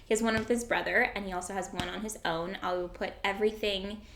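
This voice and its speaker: A woman's voice: medium pitch, fairly even intonation, quick pace, fairly bright tone, slight background noise. A young woman vlogger chatting casually and giggling, with lots of "like" fillers. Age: young adult. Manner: bubbly and giggly, many "like" fillers. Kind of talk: casual chat. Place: indoors, sitting down. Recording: echoey room.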